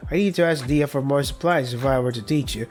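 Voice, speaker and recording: A man's voice: mid-range voice, fast talker, a little mellow, natural voice. A man reading a stiff, polite young painter. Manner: courteous, stiff, takes things literally.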